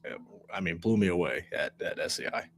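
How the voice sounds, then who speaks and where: A man co-hosting a podcast with a congested, stuffed-up voice from allergies. He talks in a slightly low register and keeps the chat jokey and light. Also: expressive, a little fast. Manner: jokey, playful. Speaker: podcast co-host.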